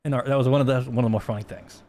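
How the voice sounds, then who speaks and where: A man's voice: medium pitch, fairly even intonation, very fast, darkish tone, a little hiss or hum. A man streaming casually while he codes, rambling and swearing, often restarting his sentences. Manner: rambling, profane, frequent restarts. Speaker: livestreamer. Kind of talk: casual livestream chat while coding.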